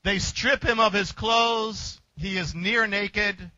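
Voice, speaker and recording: A man preacher with a high, bright, forceful voice tells a story in short, emphatic bursts. The sound is dry and close, with a dull, lo-fi tone. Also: steady tone, takes it slowly, no room sound. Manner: vivid, emphatic retelling in short punchy phrases. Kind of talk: dramatic sermon storytelling.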